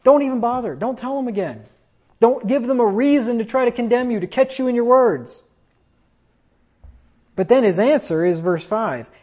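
A man's voice: very high voice, lively intonation, normal speed, a little mellow, lo-fi sound. A man preaching a fiery sermon, reading scripture aloud and mocking his opponents in put-on voices. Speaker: pastor.

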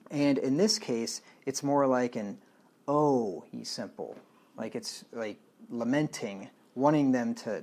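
A man preaching through a Bible book verse by verse, blunt and plain-spoken, reading the old wording and explaining it in everyday talk. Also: medium pitch. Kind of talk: verse-by-verse sermon.

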